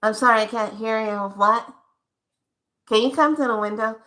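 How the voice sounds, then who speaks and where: A woman voicing a flustered drive-thru worker who keeps asking the customer to repeat the order, in a loud, puzzled voice. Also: on the high side, normal speed.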